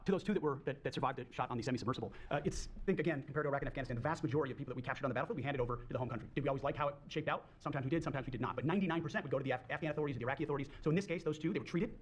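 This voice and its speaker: A man answering a reporter at a press briefing, explaining in a measured way with filler words. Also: mid-range voice, a little hiss or hum. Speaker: defense secretary answering reporters.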